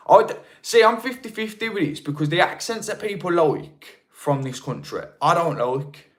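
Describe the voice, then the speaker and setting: Here a Birmingham-accented livestream host from England responds to comments in a relaxed chat. His voice sits a little high and sounds animated, moving at a moderate pace with few pauses, though he rambles and keeps restarting.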